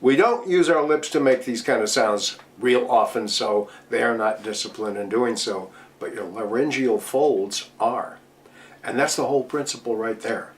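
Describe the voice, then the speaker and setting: A middle-aged man, medium-pitched and speaking at normal speed, teaches voice technique to DJs during an instructional talk at a virtual convention. His explanations are patient, and he demonstrates with his own voice.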